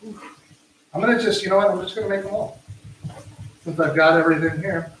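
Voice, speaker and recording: A man's voice: high voice, fairly even intonation, quick pace, a bit bright, slight background noise. A man hosting a live cooking show from his home kitchen, chatting casually in a rambling, self-mocking way. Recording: echoey room, mic far off.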